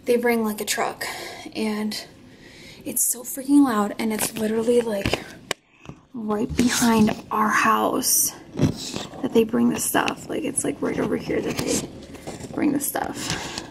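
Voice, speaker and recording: A young woman vlogging at home in casual chat, out of breath and talking in a breathy half-whisper. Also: on the high side, fairly even intonation, slow pace, noisy background. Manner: rambling, chatty.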